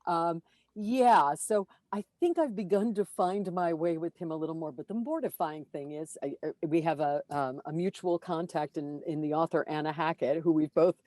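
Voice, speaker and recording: Chatting casually in an interview, a woman who voices audiobooks pokes fun at herself with animated energy, stumbling through fillers and restarts. Her voice is lowish and the recording is dry.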